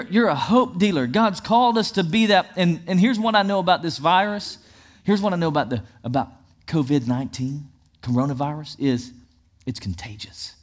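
A male pastor preaching a sermon in an emphatic, repetitive cadence. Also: on the high side.

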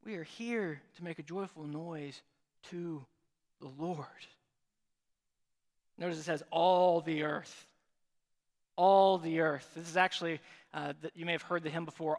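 A man preaching a sermon as pastor, conversational and joking now and then. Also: on the high side. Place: large church sanctuary. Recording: reverberant hall.

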